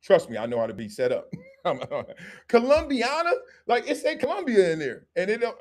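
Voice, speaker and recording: A middle-aged man hosting a live show, commenting on sports and culture in a joking, animated way and acting out quick skits. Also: high voice. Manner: animated and joking, slips into quick acted-out skits with different voices. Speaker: host.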